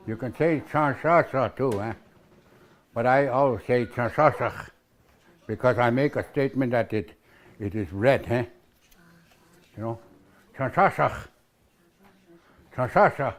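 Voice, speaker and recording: A man's voice: medium pitch, animated, slow, pauses often. A man teaching a language class in a casual way, repeating words and spelling them out, often asking "eh?".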